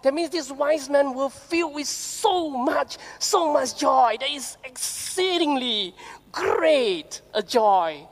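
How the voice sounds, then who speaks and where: A woman preacher with a Singaporean English accent, giving a lively sermon with rhetorical questions and slowly read scripture. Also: high-pitched. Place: church hall. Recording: reverberant church hall.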